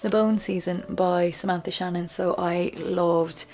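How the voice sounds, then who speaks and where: A woman book vlogger giving a casual, chatty bookshelf tour, self-deprecating and dropping into soft whispery asides. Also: fairly low pitch, steady tone, unhurried.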